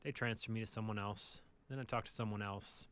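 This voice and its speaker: A man co-hosting a podcast, telling a casual, animated anecdote about his driving job. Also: lowish voice, fairly quick, clean tone. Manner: animated anecdote teller, acts out the people in his stories. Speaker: podcast co-host, bus driver. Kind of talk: casual storytelling chat.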